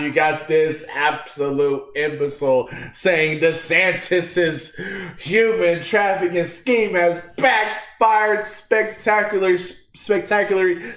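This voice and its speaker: A man's voice: fairly high pitch, a bit bright, roomy sound. A man with a Texan accent hosting casual political commentary, slangy and mocking, often laughing at his own jokes. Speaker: commentary channel host.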